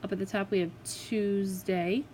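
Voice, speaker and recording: A woman teacher giving a recorded spelling lesson to children, patient and clear, sounding out words syllable by syllable. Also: mid-range voice, fairly even intonation, measured pace, a little mellow, a little hiss or hum, poor audio. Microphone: tablet microphone.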